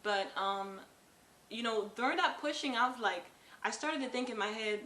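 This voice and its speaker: A young woman, a new mother, earnestly recounting her story in halting casual speech with many fillers. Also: on the high side, bright, forceful tone. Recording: echoey room with faint noise.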